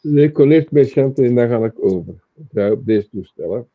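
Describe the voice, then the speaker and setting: A man's voice: mid-range voice, animated, a little fast, slight background noise. A man speaking casually as a participant, in short remarks. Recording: dry tinny phone line.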